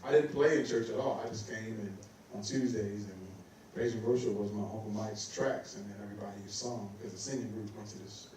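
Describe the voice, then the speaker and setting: A man's voice: fairly low pitch, a little fast, slight background noise. Guy saxophonist telling stories, laughing, doing voices, super echoey hall, mic kinda far. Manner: animated, laughing, acts out quoted voices. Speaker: guest saxophonist. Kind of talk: casual storytelling on stage. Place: recital hall on stage.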